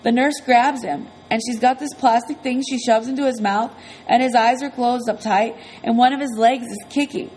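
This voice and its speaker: A woman's voice: a little high, fairly even intonation, normal speed, darkish tone, rough recording. A woman narrating an audiobook in the first person, earnest and conversational.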